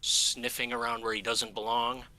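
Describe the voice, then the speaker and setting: A man's voice: medium pitch, little pitch movement, moderate pace, sharp tone. A man voicing a scornful, menacing male elf villain in a tabletop game. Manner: contemptuous, threatening.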